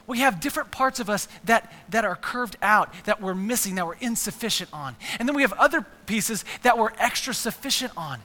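An earnest male pastor preaching, who stacks up repeated phrases and presses his points with emphasis. His voice is high and bright, and a long reverb rings around the large church hall. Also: lively intonation, a little fast, few pauses. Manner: earnest, repeats words, builds to emphatic lists. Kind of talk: sermon.

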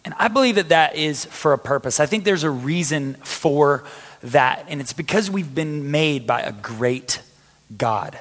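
A man's voice: a little high, measured pace. Man preaching in an echoing hall. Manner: conversational, energetic, frequent restarts. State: losing his voice. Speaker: pastor. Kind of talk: sermon. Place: church hall with a live audience. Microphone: handheld or stage mic. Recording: long hall reverb.

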